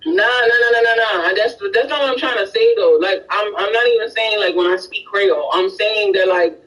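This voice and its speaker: A man from Miami talks in a casual, searching way, with a Miami accent and many restarts. His voice sits high for a man. He sounds set back from the microphone. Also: normal speed, a bit bright, recorded from a distance, lo-fi sound. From Miami, Florida. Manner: hesitant, many restarts and fillers. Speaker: conversation partner. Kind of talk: casual chat.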